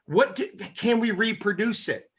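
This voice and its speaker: Bright, forceful male interview guest. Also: sits high, lively intonation, moderate pace. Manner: emphatic, persuasive, punchy repetition. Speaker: guest, chiropractic neurologist. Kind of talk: casual interview chat.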